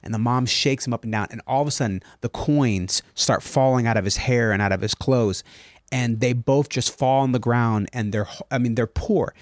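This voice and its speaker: A man's voice: medium pitch, normal speed, no room sound, clean studio sound. A man co-hosting a podcast in casual chat, telling a story with enthusiasm and wandering off on tangents. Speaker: podcast co-host.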